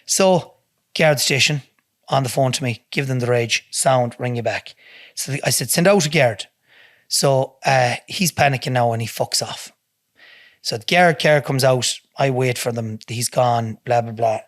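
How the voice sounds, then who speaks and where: A man's voice: mid-range voice, unhurried, dry recording. An Irish man, a podcast guest, telling a story in a blunt, heavy-swearing way in a studio. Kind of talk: casual storytelling.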